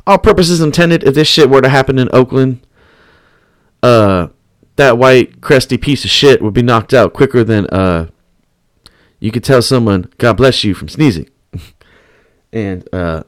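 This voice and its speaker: A man's voice: mid-range voice, unhurried, no room sound. A man hosting a podcast, telling a story in profane, rambling casual chat. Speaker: podcast host.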